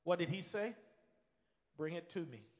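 A man's voice: on the high side, lively intonation, moderate pace, in a large hall. A man preaching a sermon with emphasis. He repeats key phrases and acts out the voices he quotes.

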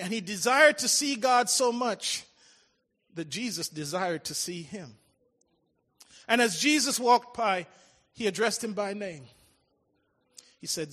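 High, bright-voiced preacher in a big hall. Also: male voice, husky. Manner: preaching with dramatic swings between loud calls and hushed lines. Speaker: pastor. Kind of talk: sermon. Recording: large reverberant hall with faint music.

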